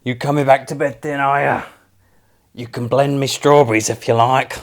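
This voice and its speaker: A gravelly, loud, laddish woman, crude and brash, as a man puts her on. The gruff voice has plenty of rasp and it booms out in a comic sketch. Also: fairly even intonation, moderate pace, close to an everyday voice.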